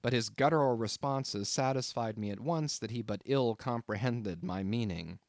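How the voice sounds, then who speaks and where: A man narrating an audiobook of a classic novel in an expressive reading style. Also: medium pitch, normal speed, few pauses, no room sound, clean studio sound. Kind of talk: scripted narration.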